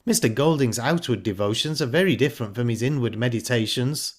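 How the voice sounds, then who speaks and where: A man voicing a calm, sharp-tongued young woman who speaks in a pointed, ironic way. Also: mid-range voice, a little fast, close to an everyday voice. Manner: cool, pointed and cutting.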